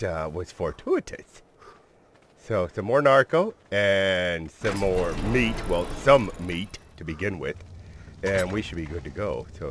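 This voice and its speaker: A man narrating his own gameplay as a let's-play host, excitable and quick to blurt out mild curses. His voice is bright and forward. His pitch swings widely as he chats to viewers and coaxes the creatures in the game. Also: slight background noise. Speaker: gaming channel host.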